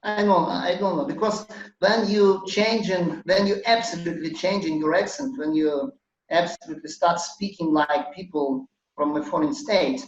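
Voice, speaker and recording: A man whose first language is Russian, hosting a casual online English practice chat and often pausing to search for words. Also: high voice, recorded from a distance, slight background noise. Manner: hesitant, searching for words, many restarts. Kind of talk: casual group conversation. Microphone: video call. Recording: dull roomy video call audio.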